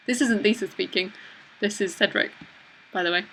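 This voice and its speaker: A woman's voice: mid-range voice, a little slow, long pauses, a bit bright, slight background noise, poor audio. A woman, a spiritual teacher in an online talk, reading questions aloud in a playful, blunt way and laughing often.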